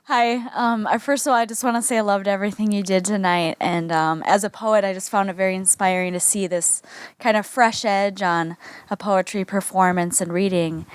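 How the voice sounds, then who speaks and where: A woman in the audience, herself a poet, asks a question in an eager, rambling way, padding it with fillers. Her voice is smooth and clear, and it sounds dry and close to the mic. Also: mid-range voice, dry recording. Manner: eager, with many fillers and "kind of"s. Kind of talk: question from the floor.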